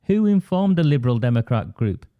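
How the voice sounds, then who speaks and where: A man with an Oldham accent, hosting an online political show over a video call, talking in an animated, indignant way with many restarts. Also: mid-range voice, brisk, clean tone, narrow, tinny audio. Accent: Oldham, Northern English. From England. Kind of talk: conversational video call discussion.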